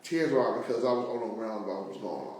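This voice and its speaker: A man's voice: fairly low pitch, racing, a little mellow. A man hosting an interview show, emotional and rambling, with many fillers and restarts. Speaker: show host. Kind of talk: casual interview chat. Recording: very echoey room, voice far from mic.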